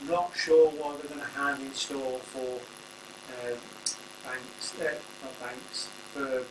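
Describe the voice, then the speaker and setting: A man hosting a casual, rambling spoken review full of jokey asides. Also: medium pitch. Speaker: wrestling reviewer, channel host. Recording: echoey room, distant mic, faint hum.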